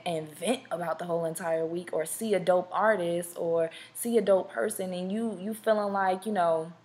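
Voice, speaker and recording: Young woman from SoCal, live podcast host, slightly low voice, loose rambling chatter full of fillers. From Southern California. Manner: rambling, many fillers and restarts; chatty, talks straight to viewers. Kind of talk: casual live-stream chat.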